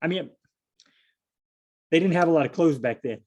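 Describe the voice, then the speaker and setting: A man talks his way through a Bible passage in a relaxed, conversational tone. His voice is mellow and dark. He reads a verse aloud, then unpacks it with asides and playful quotes. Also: on the high side, moderate pace, lo-fi sound. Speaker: Bible study teacher. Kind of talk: casual Bible study talk.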